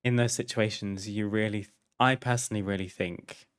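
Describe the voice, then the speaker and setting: A man's voice: lowish voice, steady tone, a little fast, few pauses, smooth. A man streaming a game, chatting casually and candidly as he tells a personal story, laughing and swearing freely. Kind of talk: casual storytelling over gameplay.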